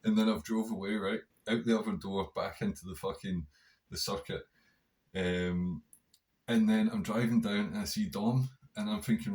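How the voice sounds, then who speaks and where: A man with a Scottish accent, hosting a podcast, tells a story in a casual, animated way and swears a lot. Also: on the low side, normal speed. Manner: heavy swearing, animated, conversational. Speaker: podcast host.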